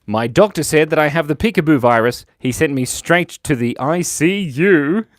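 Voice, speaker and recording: Casting: playful male streamer, lively pitch, dry close mic, giggly chat-reader. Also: moderate pace, no room sound. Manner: playful, reads chat comments aloud, giggles often. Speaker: livestream host drawing with chat. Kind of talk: casual live-stream chat.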